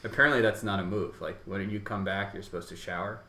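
A man's voice: fairly low pitch, steady tone, fast, bright, forceful tone. A man co-hosting a casual podcast, telling rambling anecdotes and acting out the conversations in them. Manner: rambling anecdotes, acts out quoted exchanges. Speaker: podcast co-host. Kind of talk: casual chat. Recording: roomy echo.

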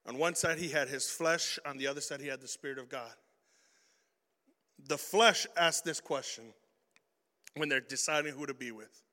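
Young male youth pastor, high bright voice, loose slangy storytelling, long hall reverb. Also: moderate pace, long pauses. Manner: animated, slangy, swings from loud stories to hushed points. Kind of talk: energetic youth sermon with storytelling.

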